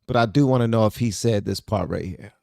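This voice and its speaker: A man hosting a podcast, giving reaction commentary in an animated, incredulous way with frequent laughter. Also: lowish voice, fairly quick, creaky, no echo, clean studio sound. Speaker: podcast host.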